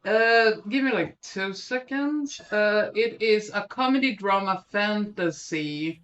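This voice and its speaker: Slow, lisping podcast co-host. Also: mid-range voice, a bit bright, lo-fi sound. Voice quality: lisp. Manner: hesitant, lots of ums. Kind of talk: casual film chat.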